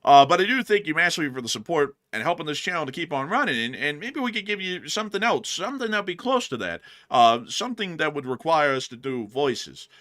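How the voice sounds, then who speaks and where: Lively, bright-voiced male stream host. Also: fairly high pitch, fast talker, few pauses. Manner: upbeat and chatty, lots of thanks to supporters. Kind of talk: casual live-stream chat.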